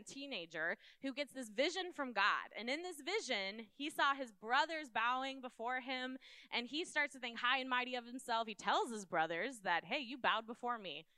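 A woman's voice: a little high, bright, forceful tone, clean tone, no echo. A woman giving an earnest, conversational sermon, speaking directly to her listeners.

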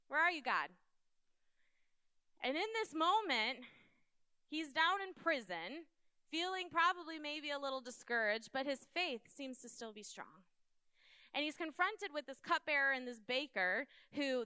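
A woman's voice: high voice, pushed and bright, clean tone, no room sound. A woman giving an earnest, conversational sermon, speaking directly to her listeners.

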